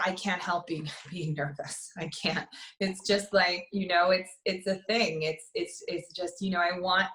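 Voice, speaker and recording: A woman's voice: medium pitch, fairly bright tone, echoey room. A woman, an opera soprano, chatting casually in an interview over a video call, laughing often and restarting her sentences. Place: apartment.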